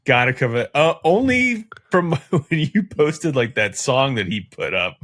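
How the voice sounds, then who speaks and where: A man's voice: mid-range voice, sing-song, unhurried, fairly bright tone. A man co-hosting a podcast, chiming in with short laughing reactions in casual chat. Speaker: podcast co-host.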